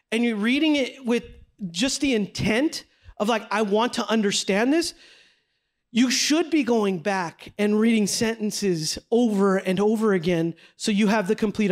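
High-pitched man leading a Bible study class, energetic and chatty, quizzes his listeners as he goes. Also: a little slow. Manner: energetic, conversational, asks the group questions. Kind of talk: classroom teaching with slides. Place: classroom with a group.

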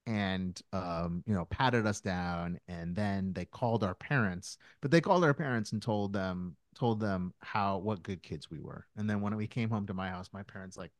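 A man's voice: deep voice, normal speed, hardly any pauses, no echo. A man in his thirties, a podcast co-host, chatting casually and telling rambling stories full of fillers and restarts. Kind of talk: casual chat.

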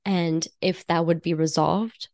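Lowish voiced woman on a podcast, chatty, laughs a lot, lots of um and like, dry close sound. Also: steady tone, measured pace, no echo. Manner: chatty and warm, laughs often, full of fillers and restarts. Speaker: guest, intuitive life coach and psychic. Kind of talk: casual podcast conversation.

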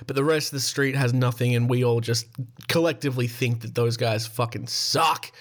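A man in his thirties with an Australian accent, hosting a podcast in a profane, joking, rambling way and reading spooky stories aloud. His voice is hoarse and going. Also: mid-range voice, expressive, a little fast. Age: 30s. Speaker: podcast host. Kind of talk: casual comedic podcast monologue and story reading.

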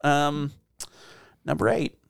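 A man's voice: on the high side, very animated, takes it slowly, creaky, clear, resonant tone, no room sound, studio quality. A man co-hosting a podcast, chatting casually and crudely about movies, rambling and laughing. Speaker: podcast co-host. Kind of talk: casual movie-talk chat.

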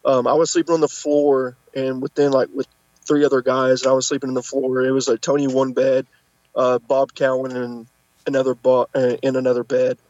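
A man's voice: a little fast, no echo. A man guest on a podcast, telling a story casually and acting out the people he quotes. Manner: animated, acts out quotes with pitch jumps. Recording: dull lo-fi podcast audio.

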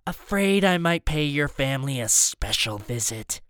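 A man voicing a cold, menacing male ship captain who speaks slowly. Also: animated, fairly bright tone, no echo, studio quality, close to an everyday voice. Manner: slow, low and drawling.

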